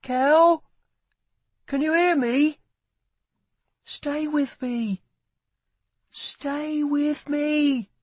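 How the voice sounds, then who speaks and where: A man voicing a tense, sharp young woman thief in an audiobook, speaking in a raised voice with clipped lines. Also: extremely high pitch, lively intonation, moderate pace, few pauses, no echo, voice pushed up. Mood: pleading.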